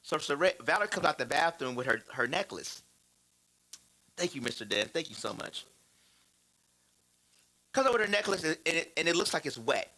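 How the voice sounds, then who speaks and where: A man in his thirties preaching about fatherhood through personal stories, animated and laughing, repeating phrases for emphasis. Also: fairly high pitch, moderate pace, pauses often, low-quality recording. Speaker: church speaker on fatherhood.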